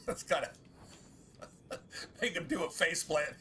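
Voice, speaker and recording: A man streaming a game and talking over it in a loose, profane, grumbling way, often breaking into laughter. His voice is bright and forward, with a faint hiss of noise underneath. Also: mid-range voice, sing-song, a little fast, pauses often. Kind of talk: casual gameplay commentary.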